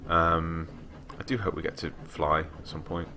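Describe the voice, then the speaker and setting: A young man giving casual commentary while playing a story game, animated with wry asides. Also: extremely low pitch, a little slow, noisy background. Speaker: let's player.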